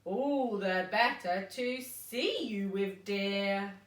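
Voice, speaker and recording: A woman's voice: mid-range voice, extremely slow, pitched below the performer's own voice. A woman voicing a sly male big bad wolf who puts on a sugary voice and lets it slip into a growl. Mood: fake-sweet. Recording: echoey room, mic far off.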